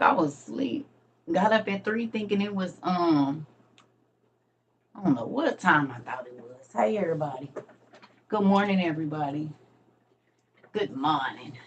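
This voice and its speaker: A woman's voice: lowish voice, slight background noise, low-quality recording. A middle-aged woman, chatting casually with viewers on a morning livestream from home, calling them y'all. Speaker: livestream host. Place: home room.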